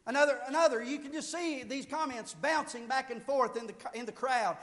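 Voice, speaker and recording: High-voiced fervent preacher in a big echoing hall. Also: male voice, brisk. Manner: fervent preaching, swelling to loud shouted peaks then dropping low. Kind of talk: sermon. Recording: long reverb of a large hall.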